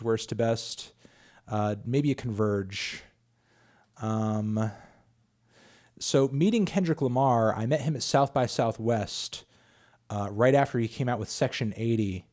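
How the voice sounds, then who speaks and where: A man's voice: mid-range voice, a little mellow. A man who reviews music, answering viewer questions on a livestream in a loose, chatty way with lots of fillers and the odd swear word. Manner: loose and conversational, with frequent fillers and casual swearing. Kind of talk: casual livestream Q&A.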